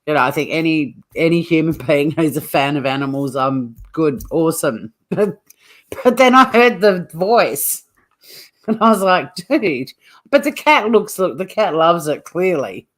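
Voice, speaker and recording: A woman's voice: low voice, expressive, moderate pace. An Australian woman hosting a livestream, giving chatty, blunt commentary with laughing asides. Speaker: livestream host. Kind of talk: casual live commentary.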